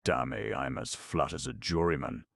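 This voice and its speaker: A man's voice: very deep voice, expressive, unhurried, creaky, a bit bright, dry recording, heavily acted. A man voicing an idle, boastful male thief who complains in slangy, drawling speech. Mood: bored.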